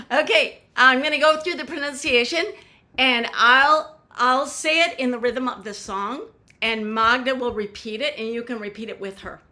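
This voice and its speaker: A woman's voice: sits high, moderate pace, sharp tone. A woman song leader teaching a folk song, explaining pronunciation step by step in an upbeat way.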